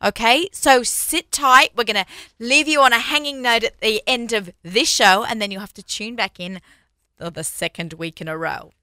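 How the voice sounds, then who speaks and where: A woman's voice: on the high side, moderate pace, bright, forceful tone, clean tone, no room sound. A woman hosting a radio talk show in a studio, chatty and upbeat, laughing often. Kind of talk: casual studio chat.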